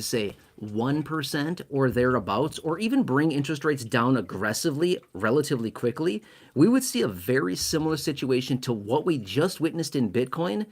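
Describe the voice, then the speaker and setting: A man giving casual money commentary to camera, emphatic and self-mocking, stacking up repeated words for stress. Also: medium pitch. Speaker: finance commentator.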